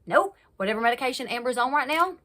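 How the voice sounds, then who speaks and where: A young woman hosting a casual reality TV recap, chatty and animated, acting out quotes with big jumps in her voice. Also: sits high, fast talker. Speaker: YouTube recap host.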